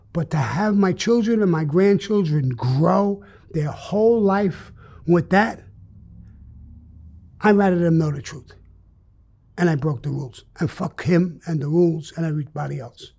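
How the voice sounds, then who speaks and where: An older man speaks in a notably high voice, recounting his past in a candid interview. He is blunt and profane, and he hits his points with emphatic bursts. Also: creaky, mellow, husky.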